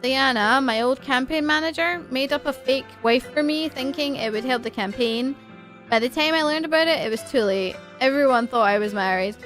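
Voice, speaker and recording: A man's voice: very high-pitched, normal speed, soft background music. A woman voicing a goofy male dog politician who poses as a cat, bouncy at first and later sheepish. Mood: confessing. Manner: bouncy and excitable, then sheepish and apologetic.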